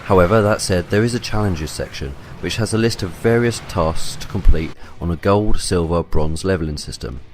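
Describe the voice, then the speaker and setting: A man reading a scripted game review voice-over in a measured, even way. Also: low-pitched, a little hiss or hum.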